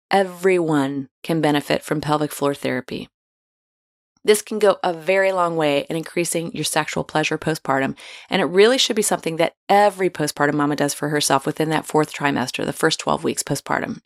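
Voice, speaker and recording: A woman with a somewhat low voice talks through a scripted advice monologue. She is frank and playful, encouraging her listeners and slipping into casual slang. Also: fairly quick.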